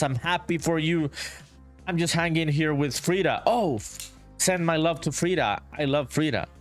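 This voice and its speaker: A man from Honduras, chatting casually on a game-development livestream, reading viewer messages aloud and saying "dude" a lot. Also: a little high. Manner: laid-back, reads viewer chat aloud, says "dude" often. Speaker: indie game developer streaming. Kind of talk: casual livestream chat while working.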